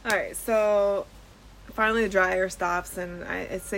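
A woman hosts her podcast from a front porch, telling a story casually and chattily with plenty of fillers and laughs. Her voice has a gravelly, fried edge, and faint outdoor ambience sits behind it. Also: medium pitch, steady tone, normal speed, fairly bright tone, a little hiss or hum, low-quality recording. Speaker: podcast host and nurse.

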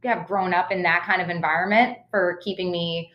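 A woman's voice: on the low side, steady tone, moderate pace, dull audio. A young woman, an actress, chatting casually as an interview guest, talking in a loose way with fillers and frequent laughs. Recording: roomy echo.

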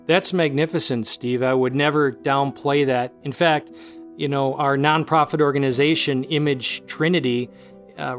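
A man hosting a podcast, talking earnestly and encouragingly in long winding sentences. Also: on the high side. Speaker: podcast host. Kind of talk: casual faith discussion.

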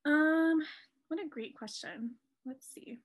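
A woman's voice: high voice, takes it slowly. A young adult woman co-hosting a casual podcast chat, rambling through tangents and filler words. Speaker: podcast co-host. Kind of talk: casual chat about musical theater.

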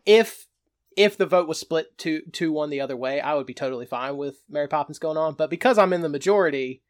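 A man's voice: on the high side, fairly quick. A man co-hosting a casual podcast chat, easygoing and chuckling, talking in loose run-on thoughts. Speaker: podcast co-host.

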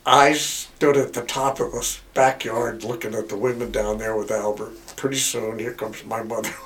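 An older man, a guest on a podcast, telling stories from his childhood in a relaxed, chuckling way. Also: fairly low pitch, moderate pace, distant mic. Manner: chuckling, rambling storyteller. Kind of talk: casual storytelling.

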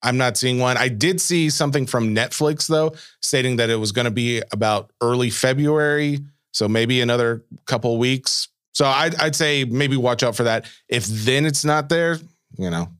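A man co-hosting a podcast in casual chat, reading listener mail aloud and answering in a relaxed way. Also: medium pitch, moderate pace, smooth, dry recording, clean studio sound. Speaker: podcast co-host.

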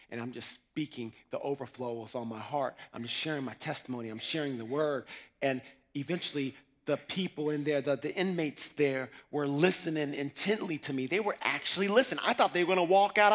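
A man preaching a sermon, telling his testimony in a slangy, animated way that swings from hushed asides to shouting. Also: on the high side.

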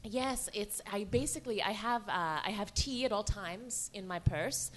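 A woman's voice: medium pitch, normal speed, slight background noise. A woman playing a tabletop game, telling her part in a chatty, playful way. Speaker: player. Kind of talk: improvised tabletop role-play.

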